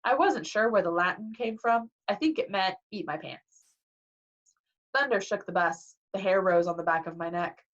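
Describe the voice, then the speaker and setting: A woman reading a novel aloud in a lively way, acting out the dialogue, on a dull lo-fi recording. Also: medium pitch, fairly quick, few pauses. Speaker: reader.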